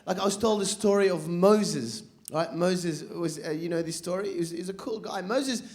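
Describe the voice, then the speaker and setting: A man performing a stand-up routine on stage, talking fast and animated with rapid asides and lots of swearing. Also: high voice. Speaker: stand-up comedian. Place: stage at a live comedy show.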